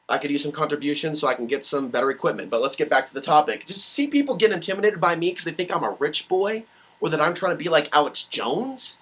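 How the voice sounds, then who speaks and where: A man's voice: medium pitch, a bit bright. A man ranting animatedly in a solo vlog, swearing often and mocking other people's voices, recorded on a webcam indoors. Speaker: vlogger. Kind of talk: rambling solo vlog rant.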